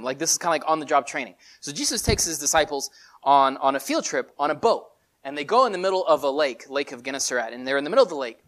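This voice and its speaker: A preacher giving a sermon in casual, animated storytelling with many filler words. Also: medium pitch.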